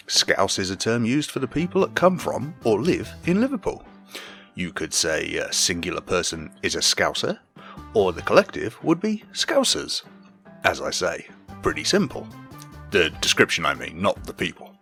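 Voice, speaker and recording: Low british guy reading his podcast bit, dry jokes, voice swings up and down, faint music under. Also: fairly bright tone. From Britain. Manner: dry, wry asides. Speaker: podcast co-host. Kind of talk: scripted segment read-out.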